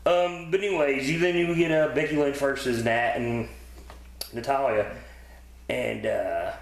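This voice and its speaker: A man's voice: mid-range voice, measured pace, vocal fry. A man co-hosting a podcast, chatting casually about wrestling episodes in a rambling, profane way with many fillers. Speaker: podcast co-host. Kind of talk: casual wrestling review chat. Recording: roomy echo.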